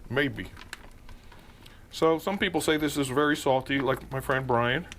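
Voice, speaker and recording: A man's voice: mid-range voice, a little slow, fairly bright tone. Hammy man cooking, noisy clip. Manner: jokey, hammy, rambling. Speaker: home cooking video host. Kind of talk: casual cooking demonstration.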